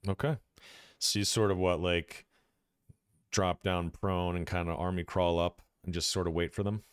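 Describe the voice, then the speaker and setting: Deep-voiced man running a tabletop game. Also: level tone, moderate pace, clear, resonant tone, no room sound, clean studio sound. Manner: hesitant, many fillers and restarts. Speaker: game master.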